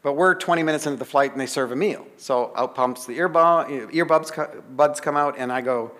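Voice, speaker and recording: A man telling a lively anecdote to an audience, laughing and acting out the dialogue. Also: mid-range voice, fairly quick, in a large hall. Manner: lively, chatty storytelling with laughs and acted-out dialogue. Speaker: author giving a talk. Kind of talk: storytelling anecdote to a live audience.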